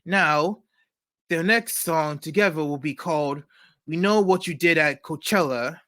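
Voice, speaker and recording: A man's voice: a little high, measured pace, bright, forceful tone. A man hosting a comedy news segment, reading jokes with frequent stumbles and self-corrections. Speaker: comedy show host.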